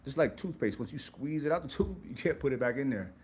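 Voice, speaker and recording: A man's voice: medium pitch, lively intonation, fast, darkish tone, a little hiss or hum. A man hosting a live stream, giving an emphatic, preachy motivational monologue with repeated words and rhetorical questions. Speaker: host.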